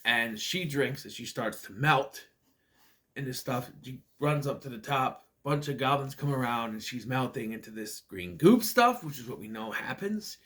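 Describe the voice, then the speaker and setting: The speaker is a male movie reviewer, animated and mid-range in pitch, talking at normal speed with a fairly bright tone. His casual recap of a bad movie is full of sarcastic asides, and he voices the characters' lines in an exaggerated way.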